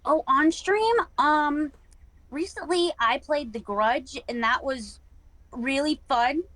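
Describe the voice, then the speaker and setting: Female streamer guest, relaxed interview talk, laughs easily, slightly high voice. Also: slow pace, dry recording, poor audio. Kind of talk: casual online interview.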